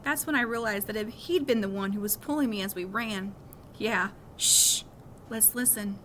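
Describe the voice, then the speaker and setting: A woman reading a children's novel aloud with lively storytelling. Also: medium pitch, brisk, slight background noise. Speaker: reader of a novel.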